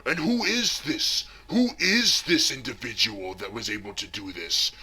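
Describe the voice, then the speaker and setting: A man playing a pompous, self-pitying heavyset villain who vlogs, talking theatrically and swinging between hushed whispers and shouts. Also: medium pitch, a little slow, slightly rough, full character voice. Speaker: comic villain vlogger. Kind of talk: parody character vlog.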